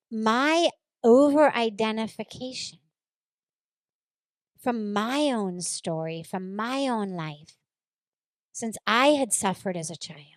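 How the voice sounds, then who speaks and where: A woman's voice: fairly high pitch, dry recording. A woman spiritual teacher giving a reflective talk, earnest and repeating phrases for emphasis as she tells a personal story.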